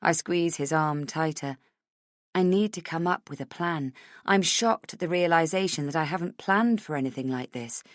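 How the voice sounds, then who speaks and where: A woman's voice: low voice, moderate pace, dry recording, clean studio sound. A woman narrating a first-person thriller audiobook in an intimate, inward way.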